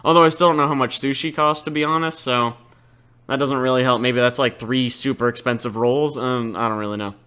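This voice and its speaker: A man's voice: mid-range voice, fairly even intonation, brisk, sharp tone, clear, resonant tone. A man giving casual, sarcastic commentary over a game, rambling and swearing freely. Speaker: let's play host.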